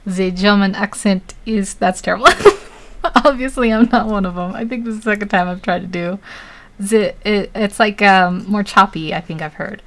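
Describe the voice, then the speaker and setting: A woman's voice: medium pitch, brisk, noisy background. An American woman streaming live as she draws, chatting casually, laughing often and poking fun at herself. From United States. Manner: giggly, laughs often, self-deprecating. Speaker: artist livestreaming. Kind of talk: casual chat while drawing.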